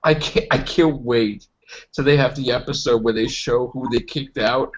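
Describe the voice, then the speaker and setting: A man hosting a casual chat show, talking in an animated way. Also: moderate pace, a little hiss or hum. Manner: animated, jumping pitch when joking. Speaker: show host. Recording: dull lo-fi recording.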